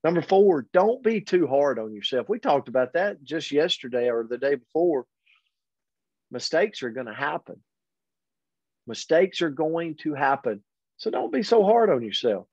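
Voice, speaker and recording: Male motivational host, slightly high voice, earnest and upbeat, dull dry lo-fi recording. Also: normal speed, no echo. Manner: energetic and earnest, often says "man". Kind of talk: daily motivational pep talk.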